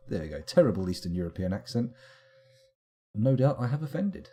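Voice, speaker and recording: A man's voice: on the low side, sing-song, brisk, long pauses, dark tone, breathy edge. A man giving live, casual commentary while streaming a game, rambling along with wry asides.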